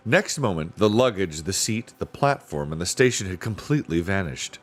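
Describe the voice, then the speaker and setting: Man, low voice, lively pitch, relaxed unhurried storybook reading, throat clears. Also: faint music behind. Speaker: narrator reading a novel aloud. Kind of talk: casual read-aloud storytelling.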